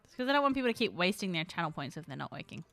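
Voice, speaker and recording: A woman hosting a casual livestream chat. She thinks out loud, reacts to her chat, and often trails off unsure of herself. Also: lowish voice, very animated, racing, no room sound, soft background music. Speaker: livestream host.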